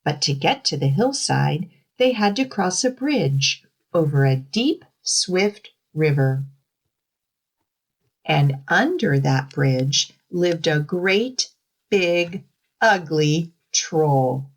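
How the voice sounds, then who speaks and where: A woman's voice: low voice, lively intonation, slow. A woman librarian leading a children's storytime, reading rhymes and a fairy tale aloud in a sing-song way. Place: library garden outdoors.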